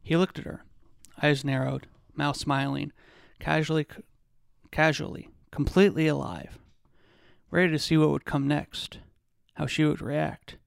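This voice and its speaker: A podcast host reads a passage from a novel in a measured way, now and then stumbling and restarting a word. His voice is gravelly with heavy fry and sits a little high. The recording is dry and close. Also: steady tone, no echo. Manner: measured reading with occasional restarts. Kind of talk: reading a novel excerpt aloud.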